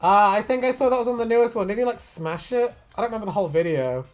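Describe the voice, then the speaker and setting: A woman's voice: a little high, quick pace, faint music behind. A woman streaming her art, chatting casually, swearing freely and laughing a lot as she rambles through stories. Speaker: artist streamer.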